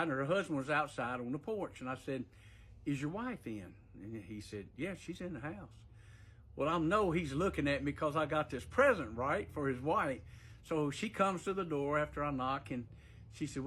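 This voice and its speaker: Folksy male storyteller, husky, a bit high-pitched, chatty with chuckles. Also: moderate pace, a bit bright. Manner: folksy, chuckling, many fillers. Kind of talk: casual personal storytelling.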